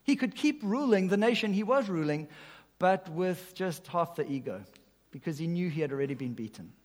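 Man preaching with dramatic hushed drops. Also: sits high, animated, moderate pace. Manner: swings between loud emphasis and soft hushed lines. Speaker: pastor. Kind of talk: sermon. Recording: long reverb of a large hall.

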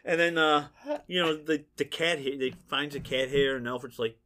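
A man co-hosting a podcast in casual chat, sarcastic and quick to laugh. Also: fairly high pitch, sharp tone, a little hiss or hum. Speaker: podcast co-host.

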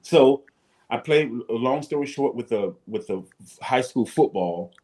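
A man, telling casual stories as a guest, animated and salty-tongued. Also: mid-range voice, measured pace. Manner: animated, swears casually, acts out voices. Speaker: guest, former football player. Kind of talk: casual storytelling.

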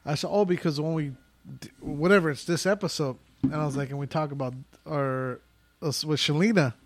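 A man's voice: fairly high pitch, a little fast, background noise. A man co-hosting a casual podcast, telling loose, laughing stories with lots of swearing. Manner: loose storytelling, heavy swearing, frequent laughs. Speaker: podcast co-host.

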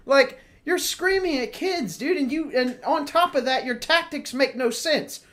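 A man with a fairly high voice chats casually and swears freely. He tells his stories with animated, acted-out quotes. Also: unhurried. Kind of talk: casual chat.

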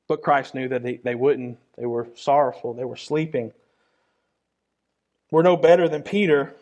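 A man's voice: mid-range voice, normal speed, a little mellow. A man preaching a sermon in an earnest, conversational way, often repeating his key phrases.

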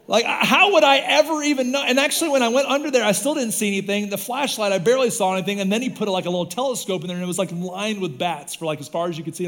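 A man preaching a sermon as pastor, in a casual, animated storytelling way, with lots of "like" and "right?". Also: high-pitched, brisk. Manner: animated storytelling with voiced quotes; casual, says "like" and "right?" often.

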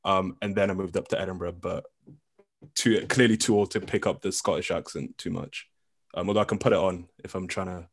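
A young man with an English accent, chatting casually as a guest coach in an interview, full of ums and quick laughs. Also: low-pitched, steady tone. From England. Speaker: coach and committee member.

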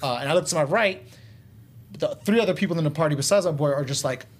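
A young man with a slightly husky, raised voice tells a rambling story to his friends. He talks in a loose, animated way and drifts into long asides. The tone stays relaxed and conversational. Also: a little high. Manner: laid-back, animated retelling with drawn-out asides. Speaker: guest storyteller. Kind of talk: casual storytelling among friends.

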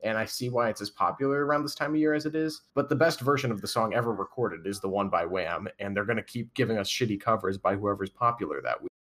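A man's voice: lowish voice, fast talker, few pauses, a bit bright. Casual man arguing his song pick. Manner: argumentative, rambling with laughs. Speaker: podcast co-host. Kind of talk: casual group debate.

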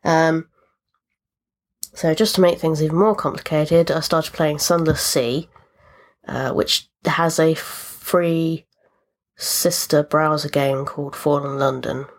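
Low-voiced woman chatting about games. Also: fairly even intonation, slow. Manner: chatty, rambling with fillers and asides. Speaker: podcast host. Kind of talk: casual chat about video games.

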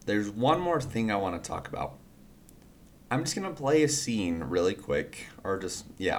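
A man's voice: lowish voice, a little hiss or hum. A man hosting a podcast in a casual, rambling way, full of fillers and restarts. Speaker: podcast host.

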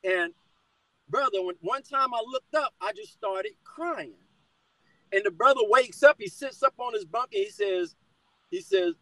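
A middle-aged man speaks with a strikingly high, lively voice that swings up and down as he tells his testimony. He is fired up and keeps calling his listener brother. The sound is close and dry, with no room around it. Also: unhurried, no room sound, low-quality recording. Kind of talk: personal testimony in conversation.

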